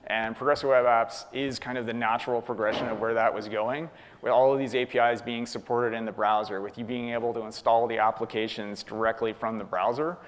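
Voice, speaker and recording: A man's voice: mid-range voice, little pitch movement, brisk. Canadian man with hall reverb. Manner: casual, chatty, frequent ums and uhs. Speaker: conference speaker. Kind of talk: answering audience questions at a tech talk. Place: conference hall.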